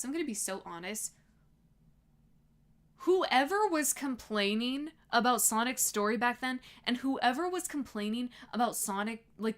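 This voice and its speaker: A woman's voice: on the high side, a bit bright. Ranting young woman in her twenties. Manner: heated ranting, swearing, laughing between lines. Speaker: streamer reading chat. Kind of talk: casual livestream chat.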